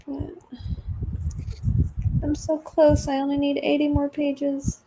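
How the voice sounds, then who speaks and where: A woman's voice: high-pitched, completely flat delivery, slow pace, dark tone, a little hiss or hum. A woman chatting casually in a book club, blunt and swearing easily. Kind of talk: casual chat.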